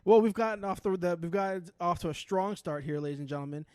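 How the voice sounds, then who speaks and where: A man's voice: high-pitched, fast talker, a little hiss or hum. A man co-hosting a casual podcast, telling stories and acting out the people in them. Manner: animated storyteller, acts out quoted people. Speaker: podcast co-host. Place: his neighborhood in upper Manhattan.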